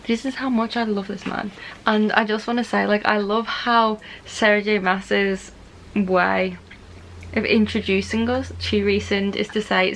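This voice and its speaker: Young woman vlogger, casual gushing book chat, gravelly fry, faint hiss behind. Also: mid-range voice, unhurried, low-quality recording. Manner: gushing, excitable, full of fillers. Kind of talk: casual reading vlog chat.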